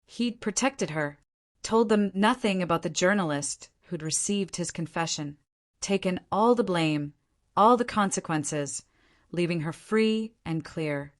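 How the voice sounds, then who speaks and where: Low-voiced woman narrating a dramatic story. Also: measured pace. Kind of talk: scripted narration.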